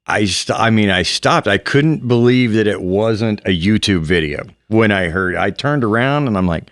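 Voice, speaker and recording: A man's voice: on the low side, expressive, moderate pace, no room sound. A middle-aged man, a comedian guest, rambling through funny stories in casual podcast chat from a small studio. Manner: rambling storyteller, laughs at own tales.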